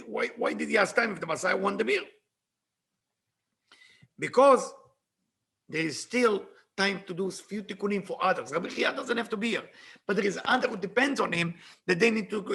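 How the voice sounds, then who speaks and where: A man teaching Kabbalah, retelling a story with lively swings between shouting and near-whispers, reading passages aloud in fast Hebrew and then translating them. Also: gravelly. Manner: animated, bursts into shouting at dramatic moments, then drops low.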